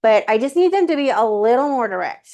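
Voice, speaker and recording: Woman, slightly high voice, chatty storyteller, lots of fillers, acts out dialogue. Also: fast. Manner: animated, many fillers, acts out her talks with the universe. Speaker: guest sharing a personal story. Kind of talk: casual conversational storytelling.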